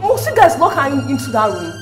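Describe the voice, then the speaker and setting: A woman's voice: sits high, wildly swooping pitch, fast, echoey room, over loud music. An actor playing a young daughter pleading with her parents.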